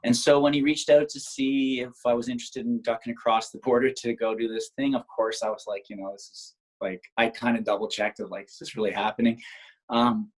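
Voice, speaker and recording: Husky-voiced man telling stories. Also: lowish voice, low-quality recording. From Canada. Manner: rambling, reflective storyteller with frequent restarts. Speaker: guest, former Olympic triathlete. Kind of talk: casual conversational interview.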